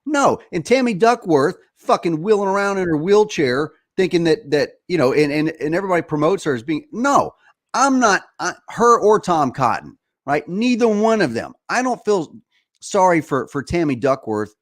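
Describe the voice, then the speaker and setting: Man, podcast host, high voice, swooping pitch, dry close sound, profane, emphatic. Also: big pitch swings, normal speed, dry recording. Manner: profane, emphatic, repeats himself when worked up. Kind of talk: heated political talk.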